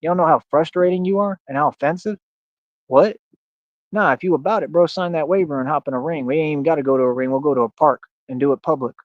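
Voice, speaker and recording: A man's voice: a little high, fast talker, dry recording. Man ranting and challenging people, slangy. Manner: boastful, confrontational, challenging viewers; slangy, repeats bro and like. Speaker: streamer. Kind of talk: ranting livestream talk. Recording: dull, dry lo-fi stream audio.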